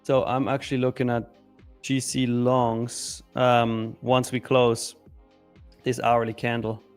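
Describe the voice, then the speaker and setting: A man's voice: mid-range voice, flat delivery, slow pace, clean tone, faint music behind. A man trading live on a stream, explaining his setup with hesitant fillers. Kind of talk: casual live trading commentary.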